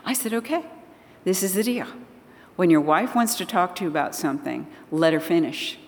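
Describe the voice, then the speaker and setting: Older woman, low-pitched voice, animated storytelling, acts out dialogue, church talk, long hall reverb. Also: brisk. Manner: animated, acting out conversations. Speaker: speaker at a church gathering.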